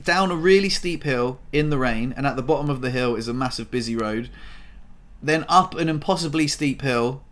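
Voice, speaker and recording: A man's voice: medium pitch, fairly bright tone. A man in a personal vlog telling his own story in a casual, rambling way, full of fillers and swearing, his voice rising when he gets upset. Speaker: vlogger.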